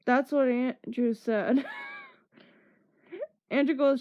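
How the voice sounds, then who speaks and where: A woman tells a story in a slow, unhurried stream chat. Her voice sits a little high, and she slips into the voices of the people she quotes, laughing as she goes. The sound is dull and lo-fi. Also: clear, resonant tone. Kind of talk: casual storytelling.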